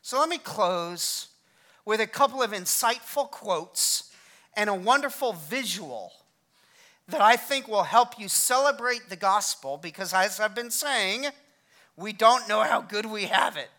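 A man preaching a sermon with a bright, forward tone. He keeps it conversational and energetic, slipping in self-deprecating humor as he teaches. He sounds middle-aged. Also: high-pitched, unhurried. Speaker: pastor.

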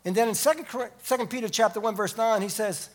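Speaking fast, a middle-aged pastor preaches, surging to emphatic climaxes and then dropping down to a quiet hush.

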